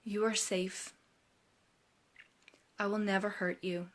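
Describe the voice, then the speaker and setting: A woman voicing a calm, forgiving man, speaking softly and reassuringly. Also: mid-range voice, slow, natural voice. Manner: soft, reassuring, gentle.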